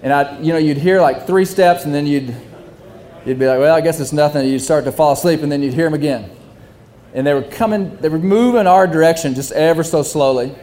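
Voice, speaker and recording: A young man telling a hunting story, animated and often laughing while he talks. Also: a little high, fairly quick. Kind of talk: casual storytelling.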